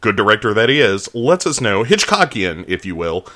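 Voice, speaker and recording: Animated man riffing on a movie. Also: fairly low pitch, moderate pace. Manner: animated, laughing, jokey asides and quoted voices. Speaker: podcast co-host. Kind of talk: casual movie review chat.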